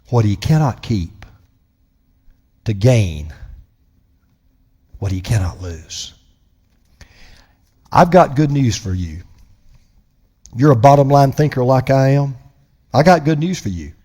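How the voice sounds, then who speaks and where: An older man delivers a sermon from the pulpit, emphatic and slowing down to stress the lines that matter. His voice sits high and swings widely in pitch. A long reverb from the large church hall trails behind each phrase. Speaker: pastor.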